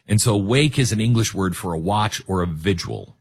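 A middle-aged man hosting a talk show, telling a story in a monologue with animated, jokey asides. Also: fairly low pitch, moderate pace, husky. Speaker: radio talk show host.

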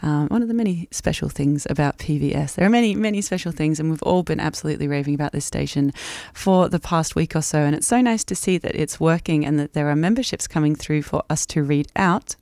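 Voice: medium pitch, fast talker, a little mellow, no room sound, clean studio sound. A radio presenter chatting casually and enthusiastically between music tracks, with plenty of ums and uhs. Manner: chatty and enthusiastic, with many fillers. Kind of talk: community radio music show chat.

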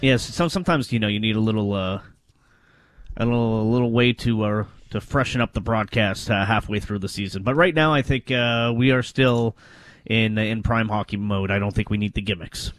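A man co-hosts a sports talk show. His voice is on the low side and sounds dry in the studio. He talks haltingly, restarting his sentences and filling gaps. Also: no echo. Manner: hesitant, many uh fillers and restarts. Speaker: radio co-host.

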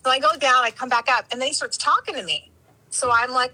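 A woman with a bright, slightly high and husky voice tells a casual story. She is animated and jumps into playful voices for the people she quotes. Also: very fast, poor audio.

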